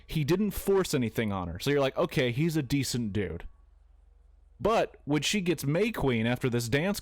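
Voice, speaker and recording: A young man casually retelling a movie for laughs, swearing freely and jumping into quick voices for the characters. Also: medium pitch, no echo. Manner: loose and profane, acting out characters in quick quoted voices. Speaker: streamer retelling a film. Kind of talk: casual comedic movie recap.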